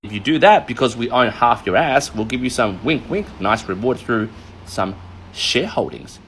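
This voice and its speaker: A man's voice: mid-range voice, expressive, moderate pace, a bit bright, slight background noise. Man doing a sly drawling Uncle Sam. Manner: sly, wheedling, winking. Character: smug swaggering Uncle Sam, American male.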